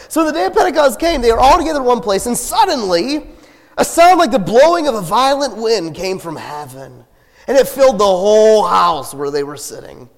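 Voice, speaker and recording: A man's voice: high voice, sing-song, a little fast, vocal fry, long reverb tail. A man preaching a casual sermon in a church, with joking asides and laughter. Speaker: pastor. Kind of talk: conversational sermon. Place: church sanctuary.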